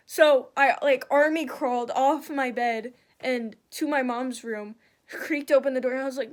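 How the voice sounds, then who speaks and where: High-voiced chatty young woman. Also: moderate pace. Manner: chatty, swearing, animated retellings. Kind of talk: casual storytime while doing makeup.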